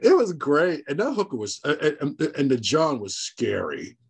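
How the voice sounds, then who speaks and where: Animated man telling stories with laughs. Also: fairly high pitch, normal speed, vocal fry, husky. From American South. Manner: animated storyteller, laughs often, acts out quoted dialogue. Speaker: guest, horror host. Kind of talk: casual interview storytelling.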